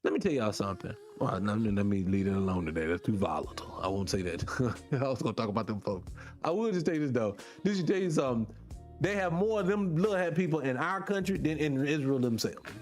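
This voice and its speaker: Animated man ranting on a livestream. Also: mid-range voice, fast talker, faint music behind. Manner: fired-up, profane, talks to viewers directly. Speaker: show host. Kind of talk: livestream commentary rant.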